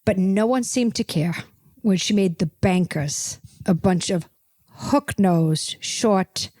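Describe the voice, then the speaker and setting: A woman's voice: mid-range voice, takes it slowly, warm tone, dry recording, clean studio sound. A woman hosting a comedic podcast, rambling and gossipy, tacking "okay?" onto her points. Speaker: podcast host.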